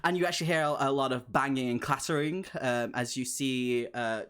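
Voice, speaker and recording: A game master narrating a tabletop horror session at a middling pitch. The delivery is loose and rambling, thick with "um", "uh" and "like" between phrases. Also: a little fast, a bit bright, smooth. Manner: loose, rambling, full of fillers.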